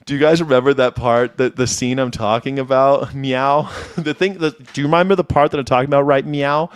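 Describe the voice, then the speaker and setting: This man hosts a live news reaction show in loose, casual chat, rambling, swearing and laughing as he goes. His voice sits at an ordinary pitch, and it is recorded dry and close with no room sound. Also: fairly even intonation, fast, no echo. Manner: rambling, profane, laughs often. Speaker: host.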